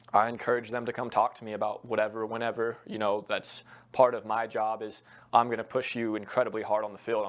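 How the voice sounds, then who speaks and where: A young male soccer coach answering interview questions in an earnest, reflective way. His voice sits low and stays fairly flat. He leans on frequent fillers as he works through his thoughts. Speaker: college soccer head coach.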